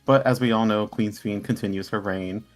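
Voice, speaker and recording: A man's voice: lowish voice, steady tone, normal speed, faint music behind. A man co-hosting a live stream, presenting slides in a playful, mock-formal way and often breaking into laughter. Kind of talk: casual live-stream chat.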